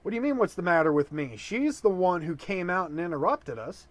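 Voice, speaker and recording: A man's voice: high voice, expressive, brisk, dry recording. A man voicing a young hippie son who talks in laid-back slang. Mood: drawling.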